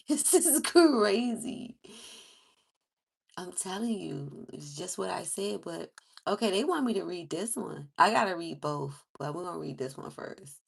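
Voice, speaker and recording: A woman vlogger in casual chat, animated and exclaiming, laughing often as she talks. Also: on the low side, moderate pace, creaky, breathy edge. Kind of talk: casual chat with read-aloud lyrics.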